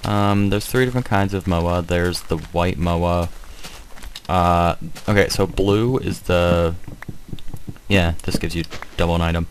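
Man, deep voice, slow, hesitant gameplay commentary, faint noise and keyboard clicks. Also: fairly even intonation. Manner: hesitant, many ums, rambling. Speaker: gamer showing a game mod.

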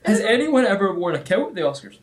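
A man's voice: high-pitched, sing-song, crowd noise. A man in his twenties with a Scottish accent, chatting casually and enthusiastically as a podcast co-host. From Scotland. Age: 20s. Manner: chatty and enthusiastic, quick laughs. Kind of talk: casual chat.

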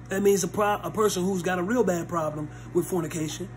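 A man's voice: high voice, a little fast, a little mellow, slight background noise. A man leading an informal Bible study, preaching in blunt, street-level plain talk and repeating phrases for stress.

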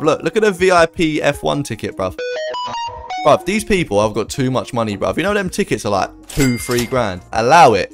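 A young man giving casual, joking reaction commentary on viewers' sim racing setups, full of slang. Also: mid-range voice. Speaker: YouTuber rating viewers' setups.

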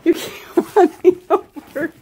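A woman's voice: very high-pitched, steady tone, slow, darkish tone, slight background noise. A woman filming her dog and toddler at home, laughing often and talking to them in a sing-song voice. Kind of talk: casual home video chatter.

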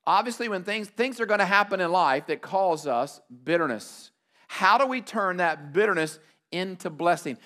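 A middle-aged male pastor delivers a sermon in a fairly high voice. He speaks emphatically, repeating key phrases for weight and acting out quoted prayers. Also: fairly bright tone.

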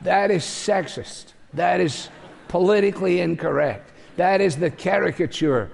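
An older man delivers a sermon in a slightly high voice, conversational and dryly humorous. The sound carries a long echo from a large church hall. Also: lively intonation, unhurried, vocal fry, a little mellow. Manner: conversational preaching with wry humorous asides. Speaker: pastor.

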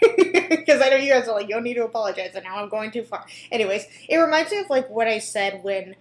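A woman's voice: a little high, animated, fast, echoey room. A young woman hosting a reaction video, chatting casually with lots of fillers, restarts and giggles.

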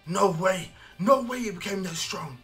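A man's voice: medium pitch, fast talker, fairly bright tone, soft background music, lightly acted. Man voicing an arrogant alien prince. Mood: shocked. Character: arrogant male alien prince, proud and shocked.

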